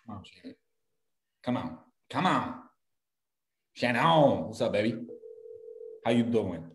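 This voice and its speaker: A man bantering loudly and teasing his friend while making calls, laughing often. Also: medium pitch, expressive, unhurried, a little hiss or hum. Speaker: sales coach making cold calls on a game. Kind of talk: casual banter. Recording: echoey room.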